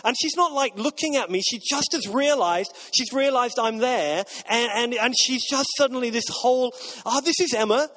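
High-voiced man preaching a story-driven sermon. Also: pushed and bright. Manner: storytelling, halting with fillers and restarts. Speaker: pastor.

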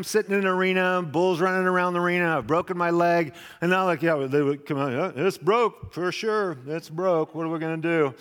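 A man delivers a sermon in a voice that sits slightly high for a man. He tells personal stories with animation and slips into the voices of the people in them. The sound carries a long reverb, as in a large hall. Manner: animated storyteller, acts out voices. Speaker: pastor.

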